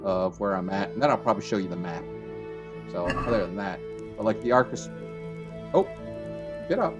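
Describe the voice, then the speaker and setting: A man's voice: normal speed, muffled recording, over music. Rambling male let's-play commentator. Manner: rambling, chatty, trails off and restarts; excited bursts of high pitch at discoveries. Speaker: gaming channel host.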